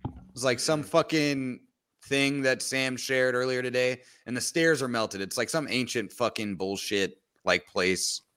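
A man's voice: medium pitch, unhurried, clear, resonant tone. A man co-hosting a podcast, swearing and laughing through casual banter and stories. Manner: profane, laughing, animated storytelling. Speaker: podcast co-host.

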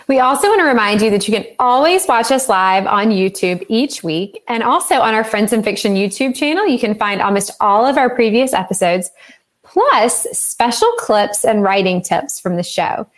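A woman co-host in casual chat, cheerful and quick to laugh. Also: fairly high pitch, animated.

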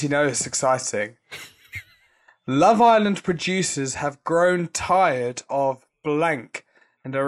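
A man hosting a casual podcast chat, reading out gossip headlines as a quiz and laughing often. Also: fairly high pitch. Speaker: podcast host.

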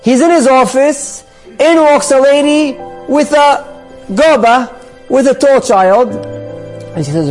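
A man with a strikingly high voice tells a story aloud. He leans on repetition, stacking phrase after phrase to drive the feeling home. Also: takes it slowly, soft background music. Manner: emphatic, repeats phrases for effect. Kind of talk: spoken storytelling.

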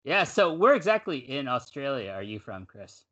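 A Canadian man co-hosts a podcast in a loose, chatty way. He rambles, backtracks and corrects himself. His voice is bright and very animated in pitch. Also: moderate pace. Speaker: podcast co-host. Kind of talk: casual podcast chat.

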